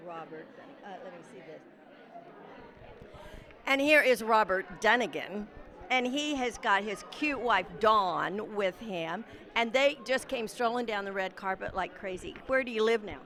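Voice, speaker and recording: A woman's voice: mid-range voice, expressive, a little slow, fairly bright tone, some chatter behind. A woman in her sixties interviewing guests on a red carpet at a class reunion, effusive and teasing. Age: 60s. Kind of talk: casual event interviews.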